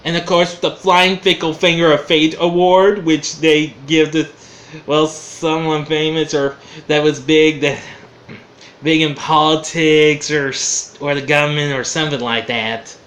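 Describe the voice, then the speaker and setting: A man's voice: on the high side, little pitch movement, a little slow, a bit bright. A man reviewing an old comedy show for his vlog, rambling and chuckling, often losing his train of thought.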